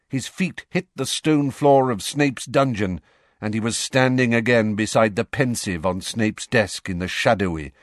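Man, audiobook narrator, slow, measured, expressive, lively pitch, dry close recording. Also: no room sound.

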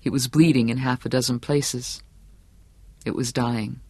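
A man narrating an audiobook in a steady, measured storytelling manner. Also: mid-range voice, husky, no room sound. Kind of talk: scripted narration.

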